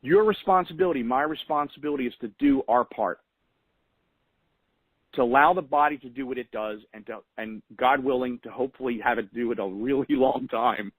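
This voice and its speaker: A man's voice: mid-range voice, brisk, no room sound, low-quality recording. A man hosting a weekly call, giving motivational coaching in an earnest way and repeating key phrases for emphasis. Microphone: phone call.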